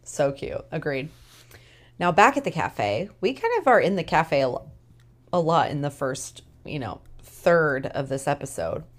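A woman co-hosting a podcast, recapping a TV episode in a casual, animated way with emphatic opinions; she is tired. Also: deep voice, a little slow. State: tired, yawning. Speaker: podcast co-host.

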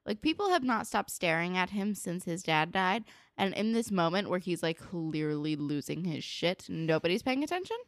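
A woman's voice: fairly low pitch, very animated, normal speed, few pauses, no room sound, studio quality. A woman casually recapping a TV episode as a podcast co-host, chatty and full of fillers, often acting out characters' lines.

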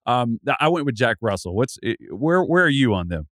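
A man's voice: mid-range voice, very animated, a little fast, a bit bright, no room sound, studio quality. Rambling man on a sports podcast. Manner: rambling, many restarts. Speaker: podcast co-host. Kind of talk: casual sports chat.

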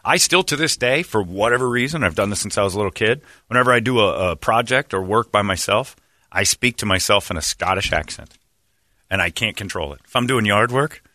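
A man with a very deep voice that still has a bright, forceful edge, chatting casually with his co-hosts. He rambles and laughs at himself, filling gaps with "uh" and "like". The sound is dry and close. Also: expressive, brisk, dry recording. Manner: rambling and self-mocking, many fillers. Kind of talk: casual group chat.

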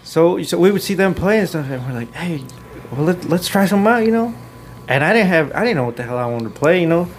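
A man's voice: a little high, expressive, quick pace, a little hiss or hum. A man in his twenties telling laid-back stories in a casual chat, mixing in Spanish and swearing freely. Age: 20s. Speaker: guest musician.

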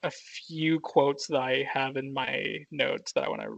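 A man's voice: medium pitch, a little slow, gravelly, no echo, muffled recording. A young man co-hosting a podcast, rambling casually with lots of fillers and frequent laughs. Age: young adult. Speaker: podcast co-host.

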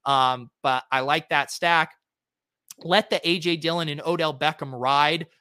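A man hosts a casual solo review of fantasy sports lineups, thinking aloud with plenty of fillers. His voice is bright and clear. The sound is dry and close. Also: on the high side, steady tone, unhurried, no room sound. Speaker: fantasy sports podcast host.

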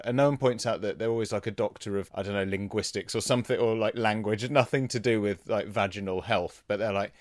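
A man's voice: on the low side, fairly even intonation, fast talker, hardly any pauses, dry recording, studio quality. A man co-hosting a casual chat, laughing a lot and musing in a rambling way. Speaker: podcast co-host.

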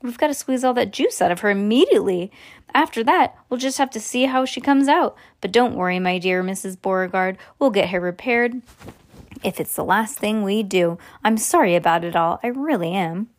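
A woman's voice: medium pitch, animated, moderate pace, close to an everyday voice. A woman reading aloud and voicing an eccentric middle-aged male sweet-maker, sighing and matter-of-fact. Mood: rueful.

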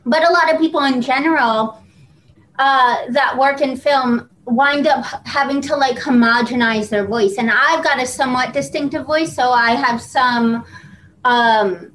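Hesitant woman interviewer, um-ing a lot, high voice, over a video call. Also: measured pace, a bit bright, slight background noise, poor audio. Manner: hesitant, lots of ums and uhs. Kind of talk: asking an interview question.

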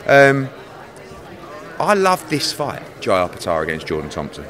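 A man in his forties, a boxing promoter, teasing and mocking his interviewer in animated, swearing banter outdoors. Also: fairly low pitch, moderate pace. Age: 40s.

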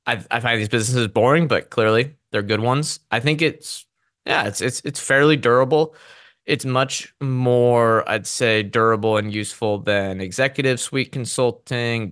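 Man, co-host, casual stock talk, thinking aloud, tense bright tone, dry room. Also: lowish voice, dry recording. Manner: thinking aloud, repeats words. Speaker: podcast co-host. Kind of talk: casual investing chat.

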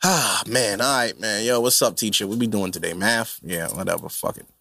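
A man's voice: fairly low pitch, normal speed, gravelly, pushed and bright, no echo, voice pushed down, heavily acted. A man putting on the voice of a sleepy, unbothered kid waking up for online school, mumbling and half-awake. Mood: drowsy.

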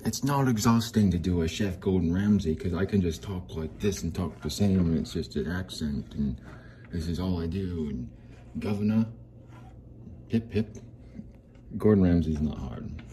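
A man's voice: deep voice, moderate pace, dark tone, rough recording. A young man hosting a solo podcast, rambling in a jokey, self-deprecating way. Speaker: podcast host.

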